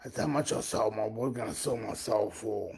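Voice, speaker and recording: Aussie guy in his 40s on a live stream, rambly and repeats himself a lot, really husky voice. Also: fairly low pitch, normal speed, darkish tone. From Australia. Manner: repetitive, circling back on his own phrases. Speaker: livestream host.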